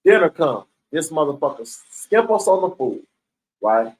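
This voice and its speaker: A man's voice: on the high side, sing-song, moderate pace, a little mellow, rough recording. A man telling a story in a casual, streetwise way, swearing freely and often checking in with "right?". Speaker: storyteller recounting prison life.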